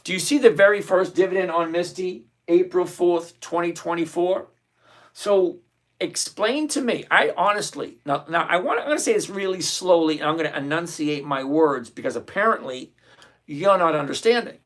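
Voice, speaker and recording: This stock-trading livestream host has a high-pitched voice and talks at a normal speed. His commentary is casual, but he lectures his viewers with emphatic exasperation.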